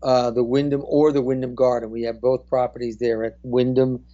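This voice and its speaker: A man with a New Jersey accent and a mellow, darker voice, talking as a guest in a casual interview. He speaks haltingly and fills his pauses with "uh" and "um". The sound is dull and lo-fi. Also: medium pitch, level tone. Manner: halting, many "uh" and "um" fillers. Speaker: guest, hotel representative.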